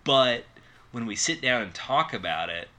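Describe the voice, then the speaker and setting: A man's voice: medium pitch, big pitch swings, a little slow, sharp tone, slight background noise. A man co-hosting a podcast, chatting casually about horror films with lots of fillers. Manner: rambling, filler-heavy. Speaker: podcast co-host. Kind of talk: casual chat.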